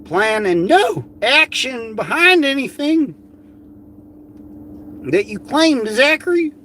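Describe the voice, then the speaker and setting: A man putting on a shrill, mocking falsetto of a whiny, preachy woman with a heavy South Texas drawl. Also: very animated, slow pace, sharp tone, slight background noise, full character voice. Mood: indignant. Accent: put-on South Texas.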